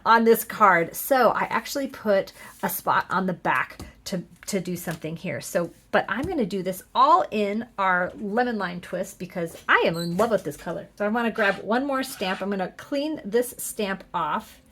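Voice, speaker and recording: A middle-aged woman talks through a crafting demo in a chatty, upbeat way. She stops to correct herself, fills pauses with little ums, and keeps a friendly, explaining tone. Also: mid-range voice, animated, a bit bright, a little hiss or hum. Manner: chatty, upbeat, many fillers and self-corrections. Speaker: card-making demonstrator. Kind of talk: casual crafting tutorial.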